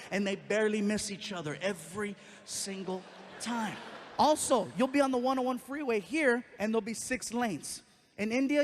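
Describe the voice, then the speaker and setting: A man performing stand-up on a live stage, with a fairly high voice. He tells his story in an animated way, jumping into voices and sound effects. Faint room noise sits behind him. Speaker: stand-up comedian. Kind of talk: stand-up comedy routine.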